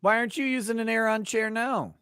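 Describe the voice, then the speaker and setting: A man's voice: extremely high pitch, fairly even intonation, a little fast, pushed and bright, smooth, no room sound. A man hosting a live stream, reading viewer comments aloud and joking with guests. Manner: joking, laughs often, reads chat aloud. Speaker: livestream host.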